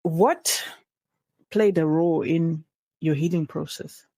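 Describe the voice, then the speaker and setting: A woman hosting an interview, measured and gently guiding the conversation. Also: deep voice, no echo. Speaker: podcast host. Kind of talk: interview questions.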